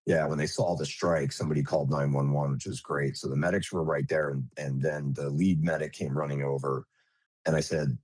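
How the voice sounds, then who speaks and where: A man who is a nurse, recounting an emergency as an interview guest in a halting way, with many fillers and restarts. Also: extremely low pitch, flat delivery, darkish tone, no echo.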